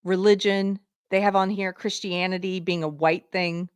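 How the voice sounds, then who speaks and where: A woman's voice: fairly low pitch, steady tone, moderate pace, clean tone, dry recording. A woman hosting a live political commentary show, indignantly reading items off a list. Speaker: livestream show host.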